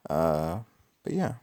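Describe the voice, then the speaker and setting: A man with a raspy, just-woken-up voice, thinking aloud with many ums and self-corrections during casual gameplay commentary. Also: low-pitched, dark tone, no echo. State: just woke up. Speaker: mobile game player.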